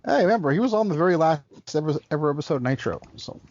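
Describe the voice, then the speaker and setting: A man co-hosting a podcast, chatting casually about wrestling history, wry and quick to correct himself. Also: on the high side, animated, darkish tone, muffled recording. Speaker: podcast co-host.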